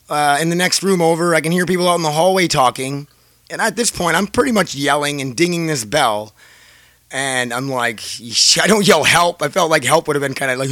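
A man's voice: a little high, lively intonation, brisk, bright, forceful tone, no room sound. A man casually telling viewers a rambling, profane story, laughing often, his throat a little scratchy.

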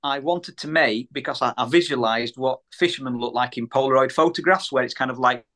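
A man's voice: mid-range voice, a little fast, sharp tone. A man from the UK, a small business owner, telling a story in a casual podcast chat, repeating words and acting out the voices of people he quotes.

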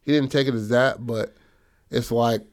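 A man's voice: medium pitch, fairly even intonation, moderate pace. A man in casual chat, retelling a film story in slangy, profane talk full of fillers. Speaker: co-writer pitching a film story.

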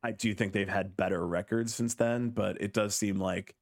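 Low-voiced rambling man in casual chat. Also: fairly even intonation, moderate pace. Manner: rambling, filler-heavy, wry. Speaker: podcast co-host.

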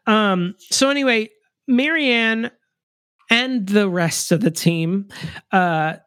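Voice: medium pitch, no room sound. A podcast co-host recapping a children's book in a casual, joking way, with many fillers and wry asides.

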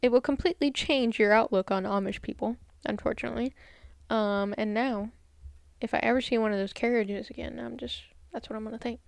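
Gravelly young woman chatting bluntly. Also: on the high side, steady tone, a little fast, dry recording. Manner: blunt reactions, frank and swears casually. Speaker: podcast co-host. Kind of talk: casual chat.

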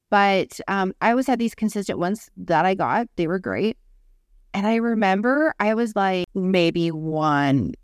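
A woman's voice: mid-range voice, no room sound, studio quality. A woman in her thirties, a podcast co-host, telling a story in casual chat and acting out the people she quotes. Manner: animated storytelling with acted-out quotes.

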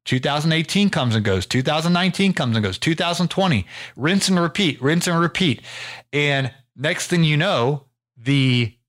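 With an animated, slightly high, somewhat bright voice at normal speed, an American podcast host tells a story on his own show. He rambles casually, using lots of fillers and restarting sentences.

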